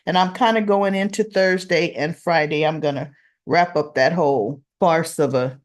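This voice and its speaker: A woman hosting a casual soap opera recap, animated and acting out the characters' lines. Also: low-pitched, moderate pace.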